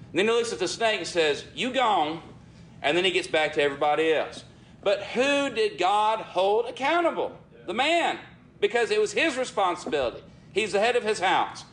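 High-voiced preacher man in a sermon. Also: a bit bright, slight background noise. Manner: earnest, drops low for emphasis, calls the listeners friends.

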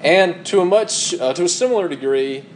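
A man's voice: sits high, lively intonation, normal speed, a little hiss or hum, poor audio. A man preaching a sermon, reading scripture aloud and asking rhetorical questions with emphatic repetition. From United States.

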